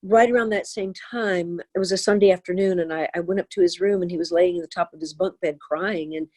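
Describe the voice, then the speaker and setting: An older woman, a therapist and author, telling a personal story in an interview with earnest, animated delivery. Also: fairly low pitch, fast.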